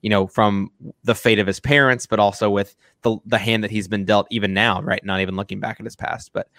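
A man's voice: fairly low pitch, steady tone, a little fast, fairly bright tone, dry recording. Rambling man in a dry, close recording. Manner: rambling, many restarts and fillers, laughs often. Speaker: film review podcast co-host. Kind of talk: casual film review chat.

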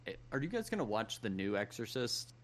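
A man's voice: fairly low pitch, very animated, a little fast. A man co-hosting a casual podcast chat, rambling at an easy pace with hesitant restarts. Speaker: podcast co-host.

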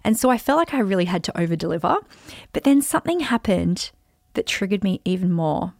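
A woman's voice: mid-range voice, animated, a little fast, creaky, a little mellow, no room sound, studio quality. A woman hosting her own show, telling a story in a chatty, rambling way with lots of "like" and "you know". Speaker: podcast host and speaker. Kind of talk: casual storytelling monologue.

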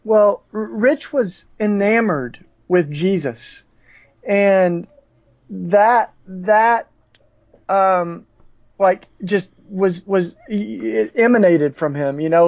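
A man with a Southern US accent, a podcast guest telling stories in a halting way with many restarts. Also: high-pitched, gravelly, darkish tone, dry recording. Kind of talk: conversational storytelling. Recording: dull, dry lo-fi audio.

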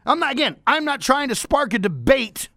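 High, animated talk radio host. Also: male voice, moderate pace, no echo, studio quality. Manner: emphatic, ranting, rhetorical questions.

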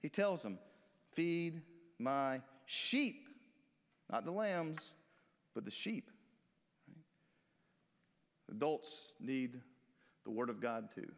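A man's voice: mid-range voice, very animated, slow, vocal fry, long pauses. A man preaching a sermon as a pastor, in a folksy, conversational way, breaking into acted-out quotes. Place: church sanctuary. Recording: long reverb of a church hall.

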